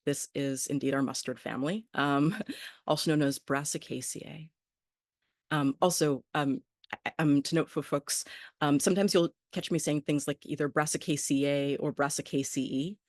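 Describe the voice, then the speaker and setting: A woman's voice: deep voice, steady tone, moderate pace, a little mellow, dry recording, studio quality. A woman teaching an online botany class, friendly, with many ums and small laughs.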